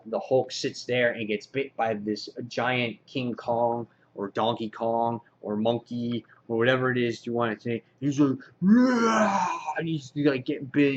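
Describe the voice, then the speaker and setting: A man giving a casual comic book review, with many "uh" fillers, getting excited as he retells the story. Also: mid-range voice, muffled recording, a little hiss or hum. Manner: frequent "uh" fillers, excitable retelling with quoted lines.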